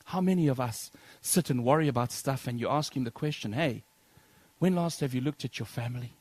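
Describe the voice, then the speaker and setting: A man preaching a sermon to his congregation, swinging from loud declaiming to soft near-whispers. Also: medium pitch, a little fast, no room sound. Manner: addresses congregation as brethren.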